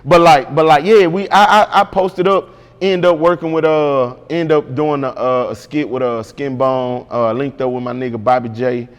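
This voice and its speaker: A man's voice: medium pitch, steady tone, moderate pace, long reverb tail. A man guest in an interview, telling a story casually and with animation, full of slang and repeated "bro".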